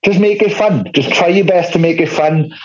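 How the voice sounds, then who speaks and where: Heard through a muffled recording, a Welsh guest musician with a Valleys accent speaks at a moderate pace, his voice sitting high. He chats frankly on a podcast, meandering through stories and swearing without restraint.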